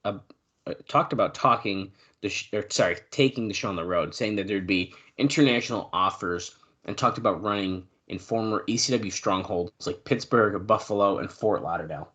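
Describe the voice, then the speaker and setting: A man co-hosting a podcast in casual chat, reading news notes aloud with fillers and now and then clearing his throat. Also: lowish voice, normal speed, fairly bright tone. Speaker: podcast co-host.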